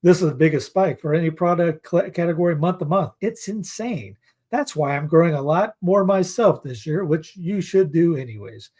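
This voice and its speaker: A man's voice: a little high, moderate pace, darkish tone, breathy edge. A man hosting a casual news commentary, reading headlines aloud and adding sarcastic, rambling asides. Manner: rambling, with many restarts and fillers.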